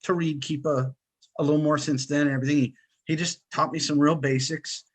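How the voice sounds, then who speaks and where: A man, a guest in an interview, telling his story with lively quoted dialogue. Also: fairly high pitch, a little fast, slightly rough. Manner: animated storyteller, acts out quotes. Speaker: guest, online seller.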